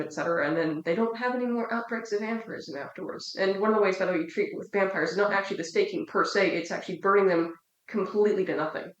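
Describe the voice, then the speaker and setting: A participant in a casual book discussion, telling stories in an animated, lively way. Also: medium pitch, highs cut off. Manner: animated storyteller, quick and lively. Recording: roomy room echo.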